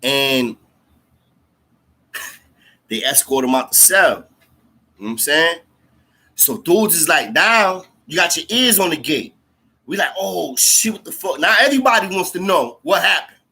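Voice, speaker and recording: Guy with a husky bright voice, slangy and animated, lots of likes and you feel me. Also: a little high, a little slow, long pauses. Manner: slangy, animated, heavy fillers and profanity. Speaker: storyteller recounting jail time. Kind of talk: casual storytelling.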